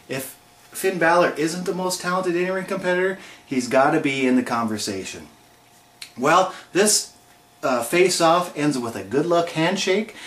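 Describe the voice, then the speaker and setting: A man delivers a casual wrestling show review in a playful, joking manner, often posing rhetorical questions to the viewer. His voice sits at an ordinary middle pitch. The recording carries a noticeable roomy echo. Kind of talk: casual recap commentary.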